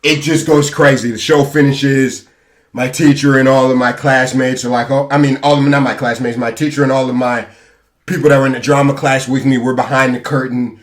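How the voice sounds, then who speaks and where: A young man telling a story to his vlog audience in an animated, self-hyping way. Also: mid-range voice, fairly quick. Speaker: vlogger. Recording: roomy echo, distant mic.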